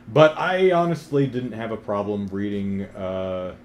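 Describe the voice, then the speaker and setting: Slow, low-voiced wry man. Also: slight background noise. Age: 30s. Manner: wry, self-deprecating, rising to exasperated emphasis. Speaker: comic book reviewer. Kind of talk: casual vlog commentary.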